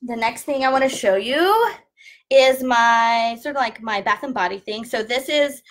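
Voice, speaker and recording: A woman's voice: a little high, moderate pace. A woman, a former flight attendant chatting casually through an unboxing review and sharing travel tips. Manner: chatty, jokey, explains tips.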